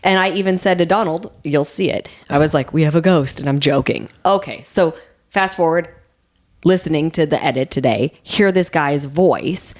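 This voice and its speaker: A woman's voice: low voice, moderate pace. A woman co-hosting a podcast, telling a story in casual chat through a headset mic, with lots of fillers. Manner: animated storytelling, many fillers. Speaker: podcast co-host.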